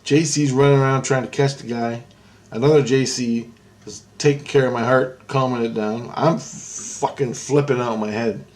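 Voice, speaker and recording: A man casually recounting a story in a vlog, excitable and profane, switching into a raised voice when quoting people. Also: medium pitch, normal speed. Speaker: vlogger.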